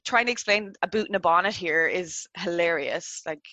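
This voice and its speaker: An Irish woman in her thirties chatting casually on a video call, animated and full of "like" fillers. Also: lowish voice, normal speed, no echo. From Ireland. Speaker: interview guest.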